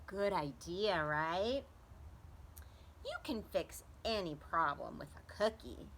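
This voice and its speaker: A woman's voice: medium pitch, slight background noise. A young adult woman, a preschool teacher, reading a story aloud to children and asking them questions. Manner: animated, asks children questions.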